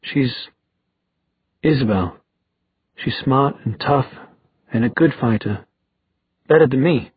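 A man's voice: mid-range voice, husky, no echo. A man reading as a weary, protective brother. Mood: earnest. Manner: halting, earnest. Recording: dull muffled sound, dry.

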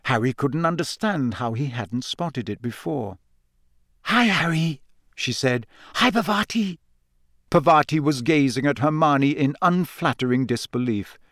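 A man reads a storybook aloud in an even, measured narration. His voice sits in a middle register, neither high nor low. The recording is close and dry, with no room sound. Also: no echo. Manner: steady storybook reading, lifting the pitch for girls' lines. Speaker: audiobook narrator. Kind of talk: scripted narration.

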